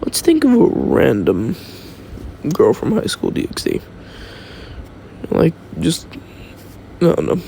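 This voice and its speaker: A man's voice: on the high side, huge pitch swings, slow pace, gravelly, long pauses, warm tone, slight background noise. A young man casually making up a fan-fiction story as he goes, rambling and thinking aloud, recorded on his phone.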